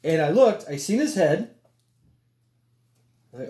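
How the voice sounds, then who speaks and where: A man with a slightly higher voice tells a story in a loose, rambling way. He swears freely and gets animated, throwing in silly sound effects and little noises between his sentences. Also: takes it slowly, pauses often. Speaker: vlogger telling a military story. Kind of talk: casual storytelling.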